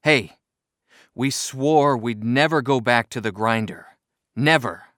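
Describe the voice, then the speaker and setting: A man's voice: mid-range voice, takes it slowly, a bit bright, dry recording, studio quality. A man voicing a determined runaway boy who leads his friend and speaks firmly and urgently in a storybook reading.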